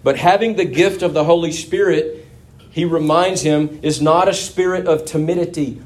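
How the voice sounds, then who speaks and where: A man's voice: fairly high pitch, steady tone, moderate pace. A man preaching a sermon to his congregation in a conversational, folksy manner, with asides to the listeners.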